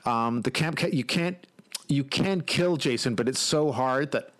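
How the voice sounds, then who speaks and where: A man chatting casually about a video game and telling a funny story with growing excitement. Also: medium pitch, a little slow. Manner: animated storyteller, laughs while telling.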